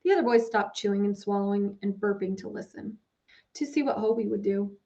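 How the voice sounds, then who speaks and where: A woman's voice: medium pitch, warm tone. Woman narrating a story, muffled sound. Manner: measured storytelling. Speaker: audiobook narrator. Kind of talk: scripted narration. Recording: dull lo-fi recording.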